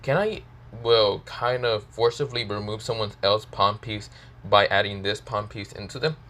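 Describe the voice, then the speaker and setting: A man's voice: lowish voice, moderate pace, a bit bright, a little hiss or hum, close to an everyday voice. A man playing a cocky young dragon hero. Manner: casual, hesitant, filler-heavy.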